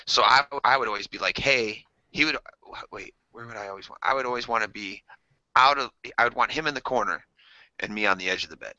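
A man co-hosting a casual podcast chat, telling animated stories and acting out the voices in them. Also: fairly low pitch, quick pace, no room sound. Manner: animated storyteller, acts out voices. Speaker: podcast co-host. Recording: dull lo-fi podcast audio.

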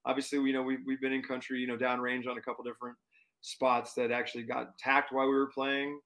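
A man telling a story in casual chat, animated and full of fillers and restarts. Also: mid-range voice, fast talker. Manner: animated, lots of fillers and restarts, acts out quotes. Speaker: touring performer guest.

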